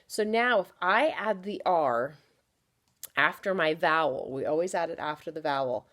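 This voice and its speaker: Lady teacher doing a phonics lesson at home, slightly low voice, drags out each word, chatty. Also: lively intonation, fairly bright tone. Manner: slow, drawn-out sounding of words; playful, chatty storytelling. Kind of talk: phonics lesson for young children. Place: home, at a small easel.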